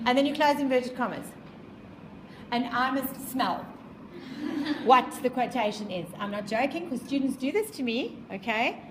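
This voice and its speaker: A woman's voice: high voice, expressive, moderate pace, roomy sound, background noise. Emphatic South African woman teaching. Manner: emphatic, repeats points, quizzes the class. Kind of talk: classroom lecture.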